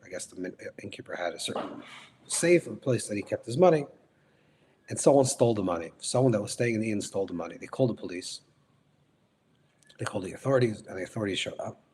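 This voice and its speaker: A man teaching as a rabbi walks through a story step by step, correcting himself and glossing every Hebrew term in plain English. His voice sits somewhat low, with a faint hiss of noise underneath. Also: expressive, a little mellow. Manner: restates phrases, glosses Hebrew and Yiddish terms in English; unhurried, repeats and corrects himself mid-sentence. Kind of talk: storytelling lecture.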